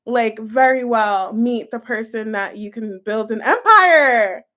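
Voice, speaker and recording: High-voiced gushing woman. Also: lively intonation, slow, pushed and bright. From United States. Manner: gushing, chatty, full of "like" and "you guys". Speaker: tarot reader. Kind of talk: casual tarot reading to camera.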